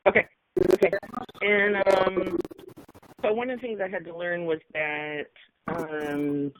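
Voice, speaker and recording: A middle-aged woman sharing a personal account on a call, halting and emotional, with many fillers. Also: low voice, no room sound. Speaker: webinar speaker. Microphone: phone line. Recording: tinny phone line, dry.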